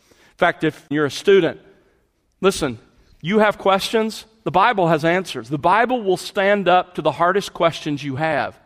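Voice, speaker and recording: A man's voice: high voice, expressive, moderate pace, long reverb tail. A man preaching a verse-by-verse sermon, stressing key words and repeating phrases for emphasis. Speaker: pastor. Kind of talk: expository sermon.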